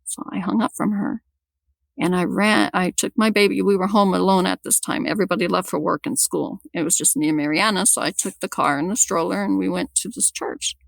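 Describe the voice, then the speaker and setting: A woman guest on a podcast telling a personal story, halting and repeating words as she restarts sentences. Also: on the low side, fairly even intonation, creaky, dry recording.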